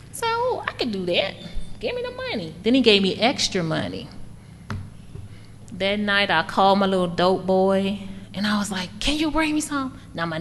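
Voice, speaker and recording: A middle-aged woman gives an emotional personal testimony in a plain, conversational way. Her voice sits a little low, and a long reverb hangs on it. A faint room noise runs underneath. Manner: candid, conversational, emotional storytelling. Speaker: speaker sharing recovery story.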